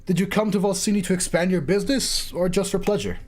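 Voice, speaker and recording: A man voicing a stern female city judge in a game story, formal and measured. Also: high voice, voice pushed up.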